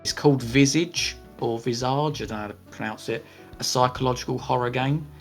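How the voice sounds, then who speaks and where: A man co-hosting a podcast, answering listener questions in a measured, hedging way as he thinks aloud. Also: mid-range voice, fairly even intonation, soft background music. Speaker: podcast co-host. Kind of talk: casual Q&A chat.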